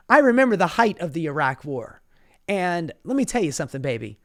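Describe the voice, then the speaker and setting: A political commentator rants with sass and plenty of swearing. The delivery is animated and comedic, full of asides like "baby" and "honey." The voice has a middle pitch. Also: normal speed. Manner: sassy, profane, animated. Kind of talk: profane comedic political rant.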